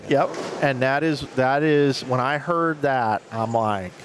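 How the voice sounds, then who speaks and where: A man's voice: medium pitch, takes it slowly. A man commentating on bowling, chatting casually and rambling through emotional restarts. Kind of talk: casual chat. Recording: noisy background.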